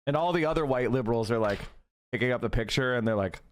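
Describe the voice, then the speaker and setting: A man hosting a live stream, giving political commentary in an animated, profane rant full of tangents. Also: mid-range voice, quick pace, smooth. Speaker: streamer host.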